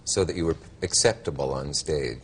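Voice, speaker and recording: A man's voice: rumbling low, normal speed, a little hiss or hum. A man hosting a talk show, asking questions in a wry, teasing way.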